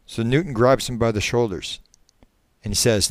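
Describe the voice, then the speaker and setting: A man giving a spoken lecture, retelling a case in a halting storytelling manner. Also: mid-range voice, no room sound. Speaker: speaker recounting a case.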